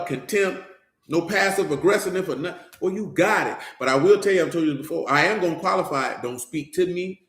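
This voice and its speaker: High-voiced man teaching in a roomy space. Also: fairly bright tone. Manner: conversational, street slang, talks straight to listeners. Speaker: Bible teacher. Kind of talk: informal sermon. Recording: roomy echo.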